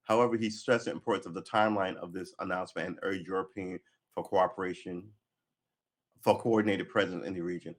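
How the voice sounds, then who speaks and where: A man's voice: sits low, steady tone, fairly quick. Sarcastic man reading news. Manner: stumbling, sarcastic asides, swearing. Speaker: livestream host. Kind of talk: reading news aloud with casual commentary.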